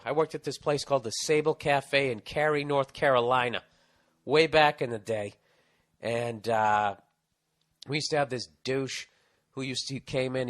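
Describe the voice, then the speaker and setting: A man hosting a comedy podcast, reading out a listener's letter and telling stories in a profane, ranting way. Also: fairly high pitch. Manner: profane, ranting, animated storytelling. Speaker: podcast host.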